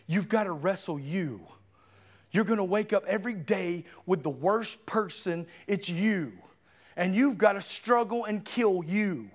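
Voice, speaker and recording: A man preaching a sermon in a church, impassioned, rising to shouts and then dropping low and earnest. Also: unhurried. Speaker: pastor.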